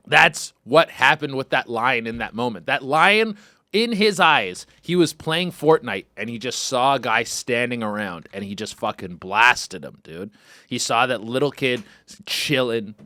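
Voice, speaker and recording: A man hosts a comedy podcast with a bright, sharp tone and a lively voice that jumps all over. His talk is excitable and profane, in quick riffs close to a dry mic. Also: fairly high pitch, dry recording. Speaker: podcast host. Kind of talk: casual comedic commentary.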